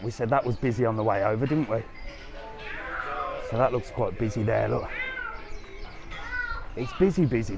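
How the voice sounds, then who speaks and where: A male travel vlogger with a mid-range, darkish voice chats to viewers while walking a seaside resort strip, answering their questions live. He's chatty and cheeky, responding to comments on the go. It's captured on a handheld camera outdoors, and light street noise can be heard.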